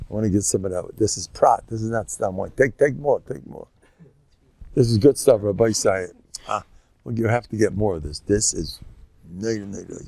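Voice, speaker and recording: A man's voice: fairly low pitch, gravelly, a little mellow, no echo. An older man, a rabbi giving an informal Torah talk, folksy and joking, sprinkling Yiddish and Hebrew words and jumping between teaching and banter.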